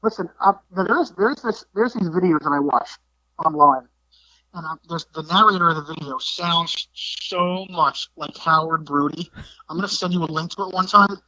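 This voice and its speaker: A middle-aged man, a wrestling promoter, telling backstage stories in an animated way with frequent restarts. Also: high voice, normal speed, no room sound. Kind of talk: casual storytelling. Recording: dull, dry lo-fi audio.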